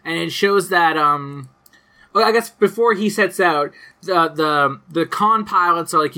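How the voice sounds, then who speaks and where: A man's voice: a little high, unhurried, pushed and bright. A man co-hosting a podcast in casual chat, rambling with lots of fillers and casual swearing. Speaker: podcast co-host. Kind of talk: casual chat recapping a cartoon episode.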